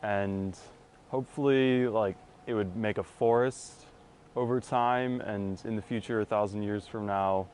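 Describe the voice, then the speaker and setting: Brief: man, thoughtful casual talk, low voice, pauses. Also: steady tone, a little mellow, slight background noise.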